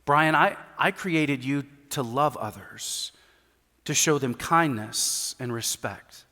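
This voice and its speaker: A man voicing God as a loving, firm father, speaking in a gentle, measured, corrective way. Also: medium pitch. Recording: reverberant church hall.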